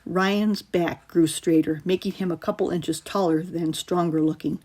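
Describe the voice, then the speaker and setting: A woman author reading her own horror story aloud in measured, suspenseful narration. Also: on the low side, steady tone, a little mellow.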